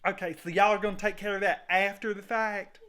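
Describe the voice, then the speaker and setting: A man's voice: high-pitched, fairly even intonation, brisk, pushed and bright, clear, resonant tone. A man playing a sheepish servant who rambles chattily through his story in a comedic skit interview, saying y'all. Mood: nervous. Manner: folksy, says y'all.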